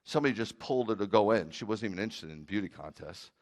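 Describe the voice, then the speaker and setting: A man's voice: lowish voice, rapid-fire. A man preaching a sermon as rabbi, telling funny stories with jokey asides. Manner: animated storytelling with jokey asides.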